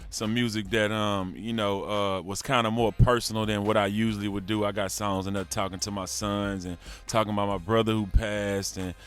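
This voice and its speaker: A man's voice: on the low side, level tone, a little fast, hardly any pauses, clear, resonant tone. A man, a rapper talking as an interview guest in a laid-back, slangy drawl. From Houston, Texas. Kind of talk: casual interview talk.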